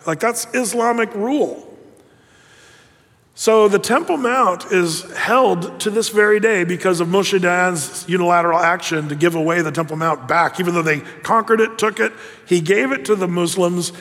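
A man's voice: high voice, normal speed, fairly bright tone, in a large hall. A man preaching to a congregation, telling stories animatedly and emphatically, acting out the quotes. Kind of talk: sermon-style storytelling to a congregation.

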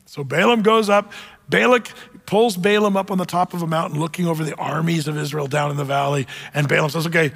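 A man's voice: a little high, fairly even intonation, a little fast, gravelly, fairly bright tone, slightly rough, long reverb tail. A man preaching a sermon, retelling scripture with jokey asides and acted voices.

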